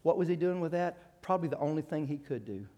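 Male preacher, slightly higher voice, storytelling sermon that swings from loud and rising to quiet. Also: expressive, quick pace. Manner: storytelling with acted quotes and restarts.

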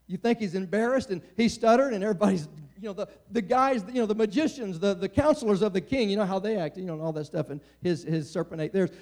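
A man's voice: high voice, a little mellow. A middle-aged man preaching a sermon in a conversational way, often restarting and stammering.

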